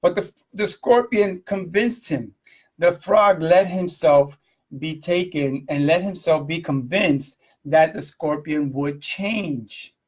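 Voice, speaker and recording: Man, live stream host, casual motivational talk, rambling, questions to viewers, slightly high voice. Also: slow. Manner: rambling, repeats himself, asks viewers questions.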